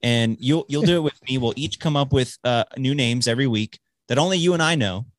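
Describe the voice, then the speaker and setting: A man's voice: medium pitch, brisk, no room sound. Rambling, swearing man in casual chat. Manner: rambling, swearing, many restarts. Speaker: podcast host.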